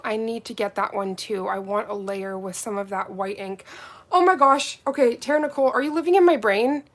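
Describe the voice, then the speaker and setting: Gushing high-voiced woman live-streaming. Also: a little fast. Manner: gushing, gasping, breathy exclamations, greets viewers. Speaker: nail product reviewer on a live stream. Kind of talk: excited live unboxing chat.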